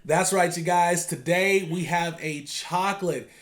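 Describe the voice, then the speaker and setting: A man's voice: high voice, unhurried. A man co-hosting a casual eating video, upbeat and playful, laughing often. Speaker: co-host. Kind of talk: casual mukbang chat.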